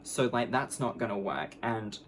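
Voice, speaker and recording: A woman's voice: very deep voice, lively intonation, normal speed, slight background noise. A young adult woman telling a story on her vlog, candid, blunt and sarcastic, mocking the people in it with put-on voices. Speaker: vlogger.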